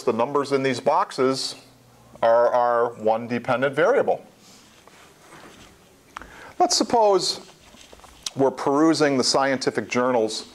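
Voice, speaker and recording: Man, statistics instructor, classroom lecture, plain explanations, repeats key points. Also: mid-range voice.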